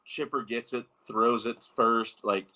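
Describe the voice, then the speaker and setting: Bright-voiced man in his thirties telling stories. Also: mid-range voice, a little slow. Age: 30s. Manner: animated anecdotes, many fillers. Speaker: former pro baseball pitcher, guest. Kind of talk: casual storytelling interview.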